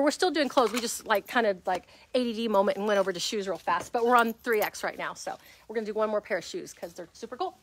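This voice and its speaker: Chatty woman hosting a live shop sale. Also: fairly high pitch. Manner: chatty, upbeat selling patter with fillers. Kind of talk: live shopping stream chat. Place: shop interior. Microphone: no microphone, speaking loudly.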